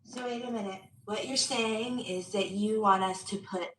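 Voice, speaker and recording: A woman's voice: medium pitch, steady tone, moderate pace, a little hiss or hum, natural voice. A woman playing a puzzled, incredulous adult, in a roomy film clip. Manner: incredulous questioning.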